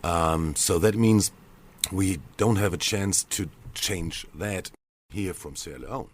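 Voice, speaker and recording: Deep-voiced halting male guest. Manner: halting, many fillers. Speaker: foundation founder and guest. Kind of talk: interview explanation.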